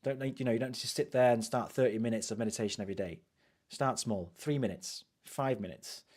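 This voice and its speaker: His husky, slightly mellow voice is mid-range and moves at a quick pace. He speaks with a British accent in a casual, conversational live coaching talk, repeating himself and saying "you know" often.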